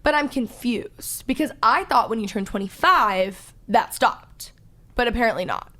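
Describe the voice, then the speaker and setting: A young woman in her twenties hosts a podcast in a loud, chatty way, with a Valley Girl accent. She is from Texas. Her voice sits a bit high for a woman, and she fills her talk with "like.". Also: lively intonation, a little slow. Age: 20s. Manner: loud, chatty, says "like" a lot. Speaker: podcast host. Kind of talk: casual chat.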